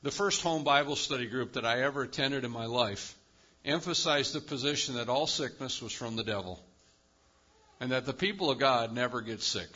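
Male pastor preaching, punchy and emphatic, big loud highs and quiet lows, kinda muffled lo-fi sound. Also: normal speed, husky. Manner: emphatic, animated preaching with sudden rises and quiet drops. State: lives with chronic pain. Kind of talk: sermon.

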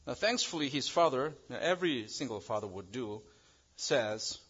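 Halting male preacher, dull lo-fi sound. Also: expressive, fairly bright tone, husky. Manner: halting, restarts phrases, rises in pitch and volume on key words. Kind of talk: sermon with an illustrative story. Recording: dull lo-fi recording.

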